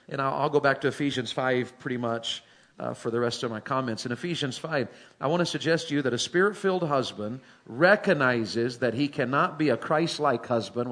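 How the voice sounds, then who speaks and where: A middle-aged man preaching a sermon to a congregation in a folksy, humorous way, building to emphatic high points. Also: a bit bright.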